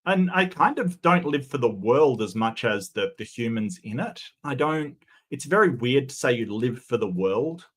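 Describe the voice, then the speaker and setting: A man's voice: mid-range voice, lively intonation, moderate pace. A man giving sarcastic, mocking reaction commentary, often stumbling and restarting his sentences.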